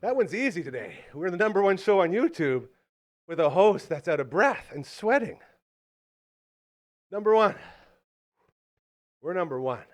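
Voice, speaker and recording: A man's voice: sits high, sing-song, brisk. A man hosting a live local talk show, out of breath and joking in an upbeat, hyped way. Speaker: podcast host.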